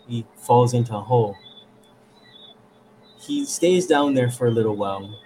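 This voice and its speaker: A man speaking as a therapist guest, explaining ideas and telling animated stories in conversation. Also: mid-range voice, unhurried, a little hiss or hum, poor audio. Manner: animated storyteller. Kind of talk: conversational storytelling.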